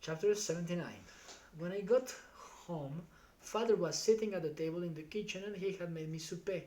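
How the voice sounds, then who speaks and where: A streamer reading a novel aloud live in steady first-person storytelling. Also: medium pitch, brisk.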